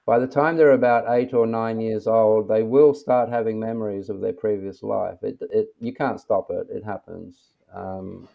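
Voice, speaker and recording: A low, gravelly man's voice comes through thin, phone-like audio. He speaks as an interview guest on a video call, calm and self-assured. He takes his time with every thought. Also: normal speed, hardly any pauses. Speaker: interview guest, mystic teacher. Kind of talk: reflective interview talk.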